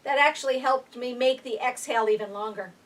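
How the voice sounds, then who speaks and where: A woman instructor calmly leading a guided chair breathing exercise, counting breaths aloud with gentle instructions. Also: fairly high pitch, brisk. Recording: voice picked up from a distance.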